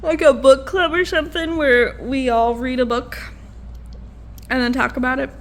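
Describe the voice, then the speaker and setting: A woman's voice: sits high, fairly even intonation, moderate pace. Tired young woman vlogging casually. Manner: rambling, trailing off with fillers. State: low and tired. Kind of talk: casual vlog chat.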